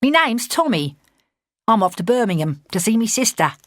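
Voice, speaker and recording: A woman's voice: a little high, sing-song, normal speed, no room sound, clean studio sound, voice pushed up. A woman voicing a cheeky, skinny young man with a Cockney accent, cocky and full of slang.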